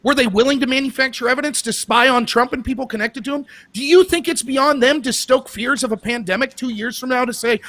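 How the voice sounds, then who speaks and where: A man with a very high, bright voice argues his point as a guest on a talk show. He drives his case home with a run of rhetorical questions. The sound is close and dry, with no room echo. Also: fast, hardly any pauses. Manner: argumentative, asks rhetorical questions. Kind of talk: political commentary.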